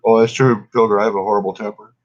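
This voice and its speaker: A man's voice: fairly low pitch, little pitch movement, rapid-fire, muffled recording, slight background noise. Stoned, coughing man rambling profanely. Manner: rambling, profane, laid-back. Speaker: cannabis vlogger. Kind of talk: casual smoking session chat.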